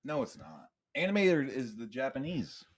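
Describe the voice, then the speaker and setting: Teasing young man, lively voice. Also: mid-range voice, normal speed, breathy edge. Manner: joking, profane, teasing. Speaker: podcast co-host. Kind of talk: casual chat.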